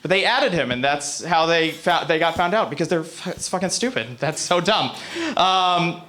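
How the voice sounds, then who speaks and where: A brash American man performs stand-up on a comedy club stage. His voice sits high and rings bright and forceful as he swears freely and keeps turning to talk straight to the crowd. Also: animated, normal speed. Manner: brash, profane, rambling asides to the crowd.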